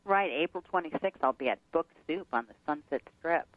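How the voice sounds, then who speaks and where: A woman from New Jersey, a guest chef and author, telling stories with lively animation on a radio interview. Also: deep voice, brisk, dry recording, phone-quality sound. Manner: animated storyteller, acts out voices in anecdotes.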